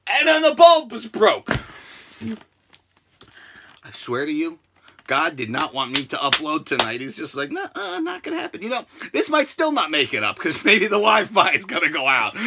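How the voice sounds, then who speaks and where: A man vlogging from a room at home, telling stories in a profane rant that bursts into shouting and drops into hushed asides. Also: high voice, breathy edge. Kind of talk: ranting vlog storytelling.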